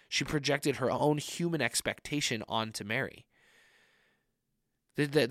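A man's voice: medium pitch, fairly bright tone, dry recording, clean studio sound. A man preaching a conversational sermon, repeating key questions and briefly acting out the people he quotes. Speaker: pastor.

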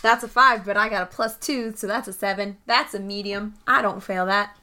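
A woman playing a tabletop role-playing game, talking in an animated, joking way with quick asides. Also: mid-range voice, a little hiss or hum. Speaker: player.

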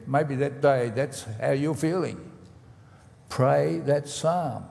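Male pastor, gravelly voice, measured teaching sermon, church hall reverb. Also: mid-range voice, mellow. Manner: measured, teaching tone with deliberate emphasis.

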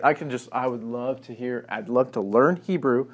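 A man gives a Bible teaching in a conversational tone. He reads passages aloud and voices the speakers with rising force and a note of sarcasm. His voice sits at a mid pitch. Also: moderate pace, hardly any pauses. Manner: animated, acting out scripture quotes with sarcasm. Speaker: preacher. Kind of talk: sermon.

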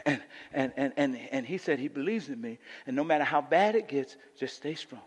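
A male pastor preaching a sermon, building to impassioned shouts and urging the congregation with "come on now.". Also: mid-range voice, animated, fairly quick. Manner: call-and-response "come on now". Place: church sanctuary. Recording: church hall reverb.

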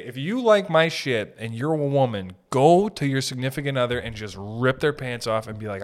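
Ranting Boston-accented podcast host. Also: male voice, mid-range voice, animated, normal speed, few pauses. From Boston area. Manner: crude, ranting, lots of swearing and laughing asides. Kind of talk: unscripted profane comedic monologue.

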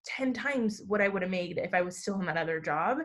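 A woman hosting a podcast, chatting openly, effusive and swearing, quick to cry. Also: fairly low pitch, expressive. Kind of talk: casual podcast chat.

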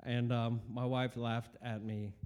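A man's voice: medium pitch, flat delivery, takes it slowly, a little mellow. A man in his forties telling a personal faith testimony in an earnest, rambling way, with many fillers and restarts. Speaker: speaker giving a personal testimony.

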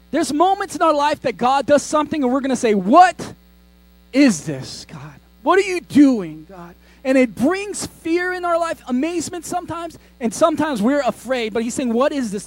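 A man's voice: high-pitched, a little mellow, poor audio. A man preaching a sermon as pastor, conversational, acting out quoted voices.

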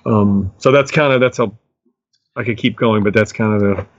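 A man's voice: on the low side, moderate pace, dry recording, muffled recording. A middle-aged man, a musician guest, telling stories enthusiastically in a rambling way full of fillers. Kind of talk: casual storytelling interview.

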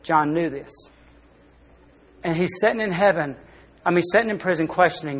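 High-voiced preacher, impassioned sermon. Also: male voice, animated, fairly quick. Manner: impassioned preaching, swinging between loud appeals and quiet lowered asides. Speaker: pastor. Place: church sanctuary.

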